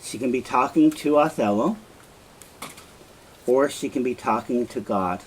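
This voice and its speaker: A man's voice: medium pitch, a little slow, a little hiss or hum, poor audio. An older man walks a class through a play in a lesson, speaking earnestly and plainly. His voice sits in a middle register. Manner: earnest explaining, quotes with feeling. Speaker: teacher. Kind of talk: literature lesson.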